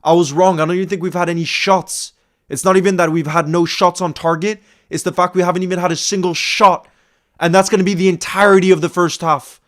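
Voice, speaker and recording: A man reacting live to a football match as a fan-channel host, exasperated and ranting, repeating himself, and swinging from loud outbursts to low muttering. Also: steady tone, fairly quick. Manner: repeats himself, stammering restarts.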